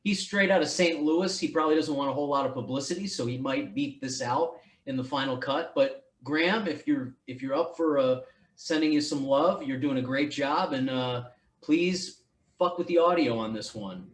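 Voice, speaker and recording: A man's voice: medium pitch, moderate pace, roomy sound. A man hosting a podcast in casual chat, rambling and restarting his sentences, swearing now and then. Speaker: podcast host.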